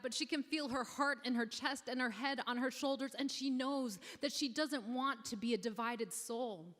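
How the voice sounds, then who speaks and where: A woman in her forties performing spoken word poetry on stage, with deliberate, dramatic storytelling. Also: a little high, a bit bright. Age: 40s. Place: awards event stage. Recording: long hall reverb on stage.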